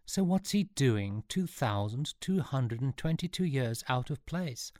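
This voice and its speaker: A man voices a vain, showy girl with a prim, fussy manner, pitching above his own voice in a lightly acted, animated performance. The delivery is medium-pitched, a little slow and slightly mellow, in a dry, studio-quality recording.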